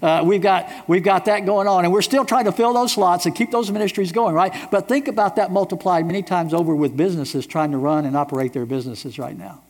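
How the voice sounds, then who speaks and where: A man's voice: high-pitched, a little fast, few pauses. A middle-aged man from the United States preaching a sermon as pastor, emphatic, with repeated rhetorical questions. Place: church sanctuary. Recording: long reverb of a large church hall.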